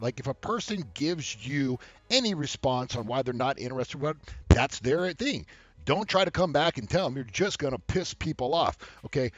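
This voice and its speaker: A man hosting a casual advice rant to camera, blunt and profane, laughing often and mimicking people in high mocking voices. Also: no room sound, dull audio. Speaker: dating advice host.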